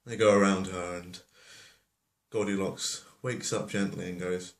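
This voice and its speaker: A man's voice: deep voice, fairly even intonation, measured pace. A man telling a fairy tale as a comedy, rambling with offhand asides. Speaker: storyteller. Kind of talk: comic storytelling. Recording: roomy echo.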